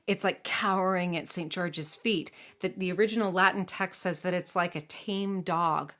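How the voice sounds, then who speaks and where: A woman's voice: lowish voice, fairly bright tone. Woman narrating a legend to a kid, playful and chatty, easy and unscripted. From United States. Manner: chatty, playful, with asides and questions. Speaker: storyteller. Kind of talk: casual storytelling to a child.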